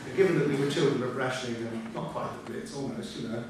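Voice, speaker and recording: A man's voice: mid-range voice, fairly even intonation, fast talker. Wry man introducing in an echoey hall. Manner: anecdotal, wry, digressive. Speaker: event chair. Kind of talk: after-dinner introduction speech. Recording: echoey hall from far off, room noise.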